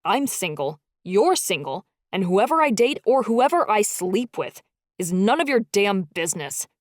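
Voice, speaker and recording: A woman voicing an angry, hot-tempered young man who growls and rants loudly in a storybook reading. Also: mid-range voice, very animated, unhurried, dry recording, studio quality. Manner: loud, raging rants.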